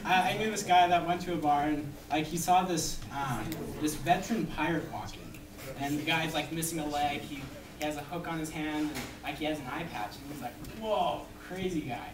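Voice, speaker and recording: A young man telling jokes to a live audience, halting with "uh"s and chuckling at his own lines. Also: fairly high pitch. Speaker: joke teller. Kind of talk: amateur stand-up joke telling. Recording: echoey room, far from mic, loud crowd.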